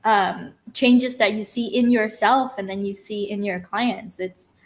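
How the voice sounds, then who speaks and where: A woman who immigrated to America as a child hosts a casual livestream, warmly encouraging her guest. Her mid-range voice is steady and unhurried, though she uses lots of fillers and restarts.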